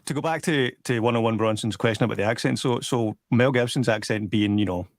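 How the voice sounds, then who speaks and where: A man's voice: mid-range voice, quick pace, dry recording, clean studio sound. A man with a Glaswegian accent, chatting casually as a podcast host, rambling with lots of fillers. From Scotland. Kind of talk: casual chat.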